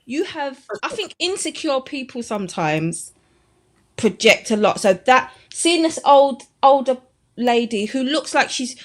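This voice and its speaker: High, unhurried woman co-host, mocking and opinionated. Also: very animated. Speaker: podcast co-host. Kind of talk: casual chat.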